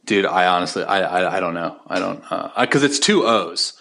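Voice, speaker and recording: A man's voice: low voice, expressive, brisk, creaky, bright, forceful tone. A young man in his twenties co-hosting a podcast, chatting casually in slang with lots of fillers and restarts. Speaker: podcast co-host. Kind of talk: casual chat.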